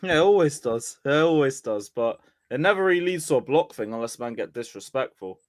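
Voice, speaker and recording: Man, lively swinging pitch, dry close sound, blunt slangy co-host. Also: brisk, dry recording. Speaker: fan channel co-host. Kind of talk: casual livestream chat.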